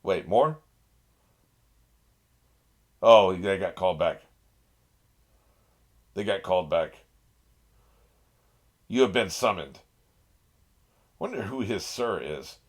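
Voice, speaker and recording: A man's voice: sits low, expressive, slow pace, pauses often. A man reacting to an anime episode in casual commentary, getting worked up, laughing often and swearing at the characters on screen. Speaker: reaction channel host.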